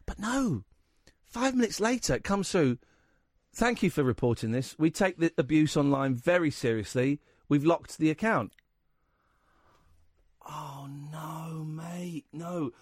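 A man's voice: fairly high pitch, animated, normal speed, dry recording. A man hosting a radio talk show in the studio, telling a rambling anecdote full of quoted voices. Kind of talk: casual radio chat, storytelling.

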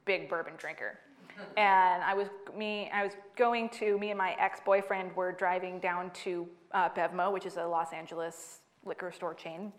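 A young adult woman author giving a book talk to an audience, lively and laughing through her stories. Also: on the low side, moderate pace. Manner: animated storyteller, laughing through anecdotes.

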